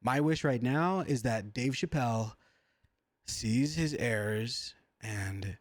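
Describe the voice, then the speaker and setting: A man giving excitable, slangy, profane livestream reaction commentary. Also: medium pitch, slow pace, dry recording, studio quality. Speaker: streamer.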